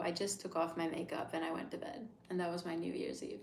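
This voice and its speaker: A woman in her thirties chatting casually on a livestream, reading comments and swearing freely, with hushed asides. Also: fairly low pitch, level tone, fast, hardly any pauses, a little hiss or hum. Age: 30s. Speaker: livestream host. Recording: echoey room sound.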